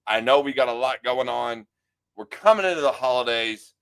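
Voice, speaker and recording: A man's voice: mid-range voice, animated, moderate pace, fairly bright tone, smooth. A man hosting a podcast, chatting casually and telling stories with quoted voices, swearing now and then. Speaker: podcast host. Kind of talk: casual conversation.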